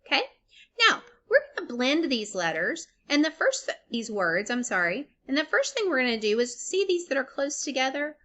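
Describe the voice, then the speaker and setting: A young adult woman teacher giving a recorded phonics lesson to young children, breaking words into sounds and syllables clearly and encouraging them. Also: high voice, very animated, normal speed, a bit bright.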